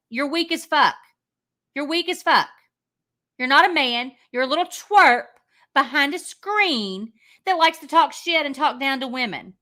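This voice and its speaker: Taunting, bright-voiced woman on a call. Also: high-pitched, animated, measured pace. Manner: mocking, taunting, profane. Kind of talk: heated casual chat.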